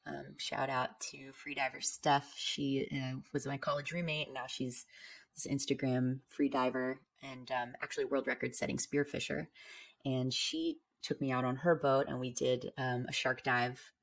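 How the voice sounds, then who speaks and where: A woman's voice: rumbling low, level tone, moderate pace, creaky. A young woman guest on a podcast, candidly telling a vivid personal story in a casual way.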